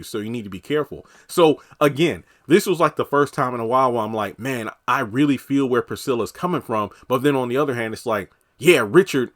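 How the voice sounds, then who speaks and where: A man talks through a TV episode in a relaxed, chatty way. He keeps slipping into the characters' voices to quote them. His voice sits in an ordinary middle range. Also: mid-range voice. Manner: animated, acts out quotes from characters. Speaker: TV episode reviewer. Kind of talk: casual recap commentary.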